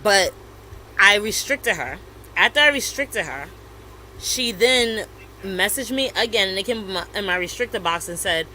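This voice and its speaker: A woman in her thirties co-hosting a podcast, chatting casually and telling a story with animated retellings of messages. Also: medium pitch, normal speed, slight background noise, poor audio. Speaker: podcast co-host. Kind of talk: casual chat.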